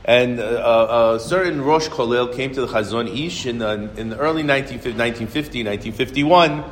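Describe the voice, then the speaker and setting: A man telling a story as a Torah lesson to a small group, lively and often restarting his phrases. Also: mid-range voice, a little fast. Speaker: Torah teacher. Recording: reverberant room with faint noise.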